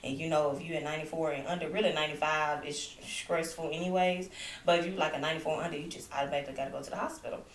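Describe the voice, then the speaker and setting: Speaking very fast in a deep voice, this young woman is picked up by a distant mic, off-mic in an echoey indoor room at home. In her vlog she animatedly tells the story of being ill, still nursing a lingering cough. It's chatty, casual storytelling to the camera, peppered with asides to her viewers.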